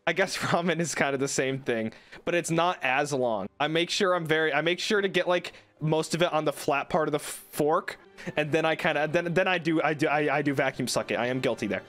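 A young man streamer rambling through an animated, comic rant in casual chat. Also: fairly high pitch, brisk.

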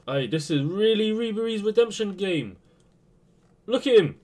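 A young man commentating his own football video game match, swinging between low muttering and sudden shouts. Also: moderate pace, very noisy. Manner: excitable, swings from muttering to yelling. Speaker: gaming youtuber. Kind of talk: live gameplay commentary.

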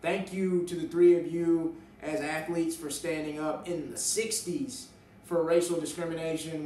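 A man co-hosting a sports talk show in casual chat, earnest and rambling with fillers, quick to joke. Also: on the high side, darkish tone. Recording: roomy, distant mic, faint noise.

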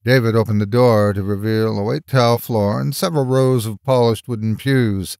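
A man narrating a first-person horror story in a measured storytelling voice. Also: lowish voice, fairly even intonation, creaky, a little mellow, smooth, no echo, clean studio sound.

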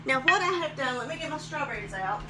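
A woman chats her way through a live cooking stream from her home kitchen. Her voice sits a little high, and she keeps a folksy, friendly patter, greeting viewers by name. Steady household noise runs clearly beneath her. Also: quick pace.

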